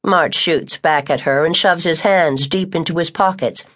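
A woman reading a novel aloud as an audiobook narrator, in an even, measured storytelling voice. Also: deep voice. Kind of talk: scripted narration.

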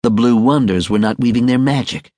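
A man's voice: mid-range voice, fairly quick, warm tone, no room sound, clean studio sound. A man narrating a crime audiobook with a wry, sardonic delivery. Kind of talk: scripted noir narration.

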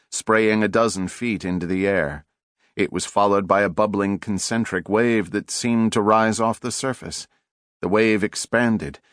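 A man giving measured, dramatic scripted narration for an audiobook on a close studio mic. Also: lowish voice, dry recording.

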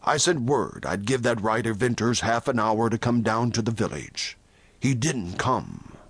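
An audiobook narrator voicing a stern, curt male church elder who gives commands, with lively pitch in a dry recording. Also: a little slow, husky, no echo.

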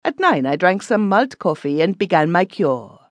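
Woman narrator playing a fussy young spa guest, lively, dry sound. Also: on the low side, moderate pace, no room sound. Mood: chattering. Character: fussy young German woman on a health cure.

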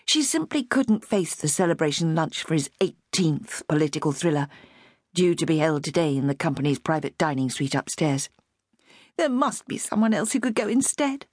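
Expressive woman reading a novel. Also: low voice, normal speed, dry recording, studio quality. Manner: expressive, lively. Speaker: audiobook narrator. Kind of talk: scripted audiobook narration.

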